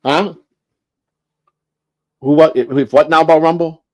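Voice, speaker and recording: A man's voice: a little high, steady tone, unhurried, no room sound. A man hosting a casual livestream, rambling and blunt, swearing freely and restarting his sentences. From United States. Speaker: livestream host.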